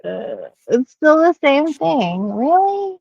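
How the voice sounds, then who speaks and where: A woman's voice: high voice, sing-song, takes it slowly, vocal fry, a little mellow, dry recording, highs cut off. A woman streaming live, chatting casually, self-deprecating and swearing, laughing often. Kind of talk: casual chat on a livestream.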